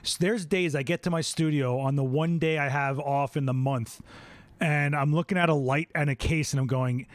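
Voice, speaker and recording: A man hosts a casual live stream, talking in a chatty, animated way with quick asides. His voice sits fairly high. The sound is dry and close. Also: no room sound. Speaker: host of a photography chat stream.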